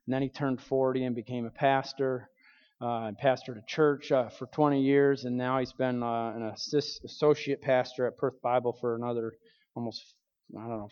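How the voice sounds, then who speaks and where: A male pastor tells a personal story from the pulpit at an ordinary pitch. He talks loosely and conversationally, with fillers and restarts, and slips briefly into the voices of people he quotes. His voice carries a long church reverb and sounds a little dull and muffled. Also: darkish tone. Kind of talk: sermon storytelling. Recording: dull reverberant hall recording.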